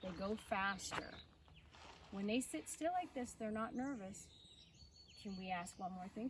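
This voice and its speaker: A woman horse trainer teaching riding outdoors, coaxing her horse with soft baby talk and explaining to viewers. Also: mid-range voice, expressive, normal speed, background noise. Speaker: holistic veterinarian and horse trainer. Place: outdoors at a rural horse farm. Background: birds and outdoor ambience.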